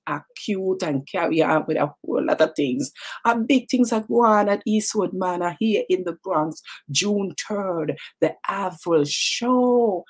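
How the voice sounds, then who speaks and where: A middle-aged woman with a Jamaican accent and a voice on the low side hosts a talk show. She chats and teases in a casual monologue, mixing in patois and repeating words.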